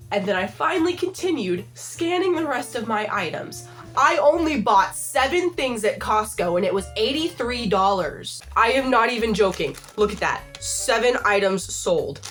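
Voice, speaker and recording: Exasperated young woman ranting, slightly high. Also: moderate pace, soft background music. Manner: exasperated, animated, heavy use of "like". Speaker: vlogger. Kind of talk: comedic storytime rant.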